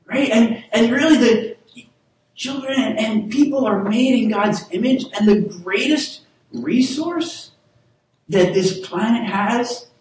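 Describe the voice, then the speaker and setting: High-voiced pastor in an echoey hall. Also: male voice, a little mellow, recorded from a distance, slight background noise. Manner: casual, halting with restarts, leads the room in call-and-response. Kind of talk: sermon.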